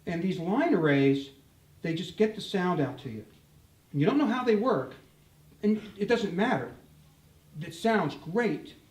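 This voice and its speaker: An older man leads a live guitar talk, joking and animated as he speaks straight to the crowd. His voice sits a little high for a man. The mic hangs back at a distance, so the sound carries a roomy echo. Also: unhurried, long pauses. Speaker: guitar clinician. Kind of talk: live demo talk to an audience. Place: store event room with audience.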